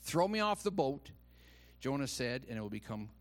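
A man's voice: medium pitch, sing-song, normal speed. A man preaching a sermon in a church, emphatic and calling on the congregation to repeat after him. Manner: emphatic, calls for congregation response. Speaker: pastor.

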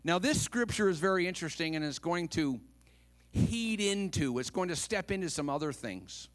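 A male pastor preaching a dramatic sermon, dropping to a hush and then rising loud. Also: on the high side, animated, moderate pace.

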